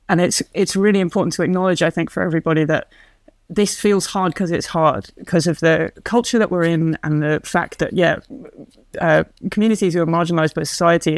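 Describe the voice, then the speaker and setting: A reflective man leading a casual conversation, choosing his words carefully. His voice is high with a gravelly edge. The sound is dry and close. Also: no echo. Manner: reflective, thoughtful, hesitant restarts.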